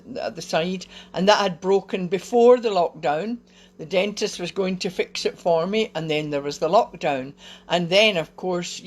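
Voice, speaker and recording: Chatty, encouraging woman, low voice. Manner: chatty, encouraging, with small laughs and fillers. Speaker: host of a live wellbeing video. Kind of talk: casual motivational talk.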